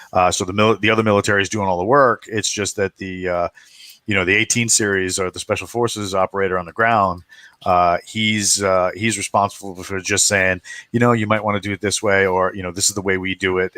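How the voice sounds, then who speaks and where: Low-voiced man rambling with fillers. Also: a bit bright, no room sound. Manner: rambling, many fillers and restarts. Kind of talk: casual chat.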